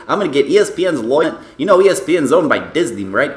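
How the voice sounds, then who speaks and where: A man's voice: a little high, very animated, fast talker, echoey room. A man doing a brash, profane, boastful impression of a football commentator while playing a video game. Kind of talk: comedic let's-play commentary.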